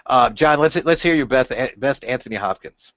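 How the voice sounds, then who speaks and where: A man hosting a casual podcast, easygoing and quick to laugh, with the odd swear word. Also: medium pitch, expressive, fairly bright tone, dry recording. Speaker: host. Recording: dry, dull lo-fi sound.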